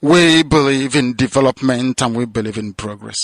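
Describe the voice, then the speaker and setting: A man's voice: mid-range voice, normal speed, no echo, rough recording. A man delivering an impassioned radio address, declamatory and building to fervent crescendos. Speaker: radio broadcaster. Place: prison release, speaking from abroad.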